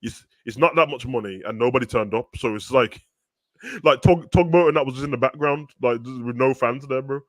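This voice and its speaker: A man's voice: mid-range voice, no room sound. A man co-hosting a wrestling review show, telling slangy stories and laughing often. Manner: fast, slangy, laughing storyteller. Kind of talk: casual chat.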